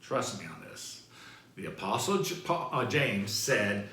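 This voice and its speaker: Animated, emphatic male motivational speaker. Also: lowish voice, a little slow. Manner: emphatic, repeats key phrases. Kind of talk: motivational talk. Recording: roomy echo.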